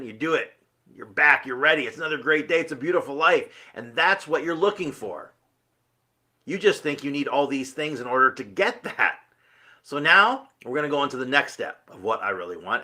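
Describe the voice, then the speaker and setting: A man's voice: mid-range voice, sharp tone. A man giving an earnest, emphatic motivational talk, full of rhetorical questions. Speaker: motivational speaker.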